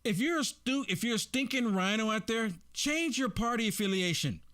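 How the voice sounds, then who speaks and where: A man hosting casual political commentary, animated, repeating himself and laughing often. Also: sits high, moderate pace.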